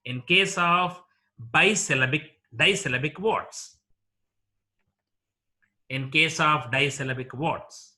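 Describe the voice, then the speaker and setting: A male college lecturer with an Indian English accent, teaching word stress slowly and deliberately, repeating each example word as a drill. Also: on the high side, pushed and bright.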